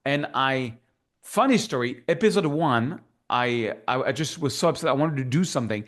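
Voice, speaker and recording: Animated French-accented man telling his story. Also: medium pitch, moderate pace. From France. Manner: animated storyteller who acts out remembered dialogue. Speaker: guest. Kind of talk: casual interview storytelling.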